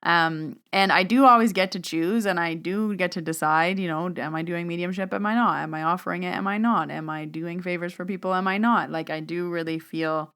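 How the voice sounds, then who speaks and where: A woman talks through a personal story on her podcast in a loose, conversational monologue. Her voice is smooth and clear and sits a little low for a woman, and she keeps slipping into quick re-enactments of what everyone said. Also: fairly bright tone. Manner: chatty, peppered with "like", acts out quoted exchanges. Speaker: podcast host and medium.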